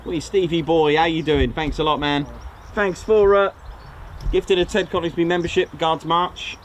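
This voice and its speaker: A man's voice: on the high side, steady tone, moderate pace, slight background noise. Chatty male livestream host. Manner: chatty, thanks viewers by name. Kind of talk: casual live stream chat. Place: outdoor airfield viewing area.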